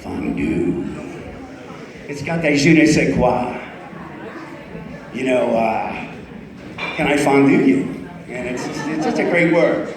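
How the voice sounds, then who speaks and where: Working the crowd in a self-mocking stand-up set, this fifty-something comic has a mid-range, sing-song voice and takes things slowly with long pauses. The club room echoes, there's background noise, and he's off-mic.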